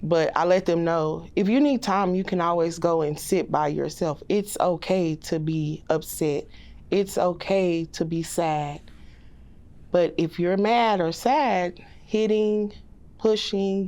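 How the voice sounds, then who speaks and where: Low-pitched woman pre-K teacher. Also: smooth. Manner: plainspoken, quotes children and herself in lively voices. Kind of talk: casual storytelling in a podcast interview.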